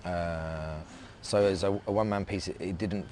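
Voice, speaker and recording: An English man, an actor being interviewed, talking in a halting, reflective way with many restarts. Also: deep voice, fairly even intonation, a little mellow, slight background noise. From England. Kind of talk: casual interview talk.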